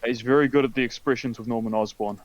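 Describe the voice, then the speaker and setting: A man's voice: medium pitch, fairly even intonation, fast talker, dull audio. A man co-hosting a casual comic book chat, joking and crude. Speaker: comic book podcast co-host.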